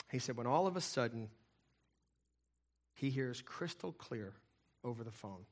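A middle-aged man preaching a sermon, telling stories and swinging between loud emphatic lines and hushed, quiet ones. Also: mid-range voice, animated, unhurried, pauses often. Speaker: pastor.

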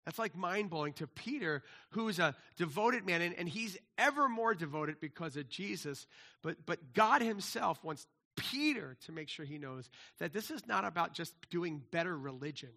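A male pastor delivering a sermon in a high, bright voice. He is animated, voicing the people in the passage himself and restarting his sentences often. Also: moderate pace, creaky. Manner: animated, acts out biblical dialogue, frequent restarts.

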